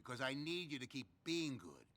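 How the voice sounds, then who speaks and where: A man's voice: mid-range voice, sing-song, fairly quick, crowd noise, natural voice. An actor playing a stern man handing out shady jobs in a game cutscene, curt and commanding. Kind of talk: video game cutscene acting.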